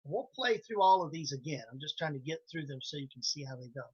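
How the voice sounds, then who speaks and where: A man's voice: a little high, animated, fast, breathy edge. Male harmonica teacher on a lo-fi call. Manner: casual, explains step by step and counts in the band. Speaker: harmonica instructor. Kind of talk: live online music lesson. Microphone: video call.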